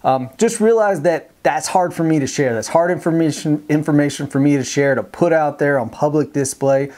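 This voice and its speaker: A man's voice: a little high, normal speed, darkish tone. Rambling plainspoken man with a Texan twang. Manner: rambling, many ums and restarts; plainspoken, determined. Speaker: fishing vlogger. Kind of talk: casual vlog talk to camera.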